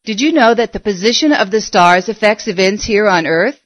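A woman's voice: medium pitch, lively intonation, fairly quick, dry recording, lightly acted. A woman voicing a persistent middle-aged woman astrologer who keeps coaxing and insisting. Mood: insistent.

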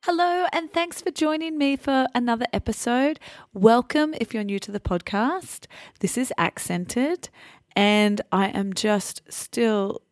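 A woman hosting a podcast, explaining things slowly and clearly for language learners. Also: a little high. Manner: slow, clear teacherly explaining. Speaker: podcast host.

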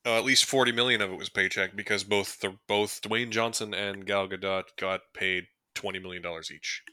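A deep, steady, sharp-toned male voice, a little fast, co-hosts a movie podcast in a dry, clean studio recording. He's laid-back and rambling as he reviews films casually, with frequent fillers and chuckles.

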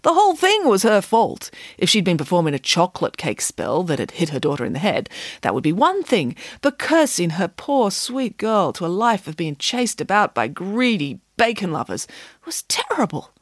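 A woman's voice: lowish voice, sing-song, moderate pace, no echo, studio quality. A woman narrating a children's story in a playful, dramatic way. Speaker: audiobook narrator. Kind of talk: expressive scripted narration.

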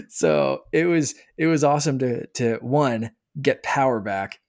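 A man in his thirties chatting casually as a podcast host, talking with excitement and often restarting his sentences. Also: mid-range voice, a little slow. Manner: rambling, excited, many restarts. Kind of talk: casual chat.

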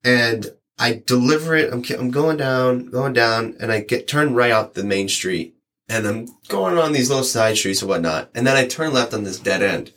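Man in casual chat, animated storyteller voicing customers' lines. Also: medium pitch, normal speed. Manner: rambling, animated, acts out quoted lines. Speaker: delivery driver sharing stories.

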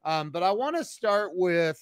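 A man's voice: sits high, big pitch swings, measured pace, clean tone, no echo, studio quality. A man hosting a casual interview, stammering through restarts and laughing often. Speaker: podcast host.

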